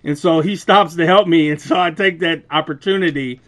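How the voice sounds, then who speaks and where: A young adult man with a loud, booming voice retells a store argument in a casual, profane, animated way, laughing as he goes. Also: brisk. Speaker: vlogger. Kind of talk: casual storytelling rant.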